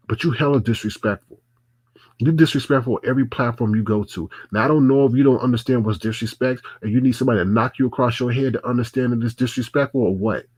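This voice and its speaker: A man's voice: medium pitch, breathy edge, no echo. A man hosting a livestream, scolding a viewer in a confrontational, repetitive rant. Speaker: livestream host.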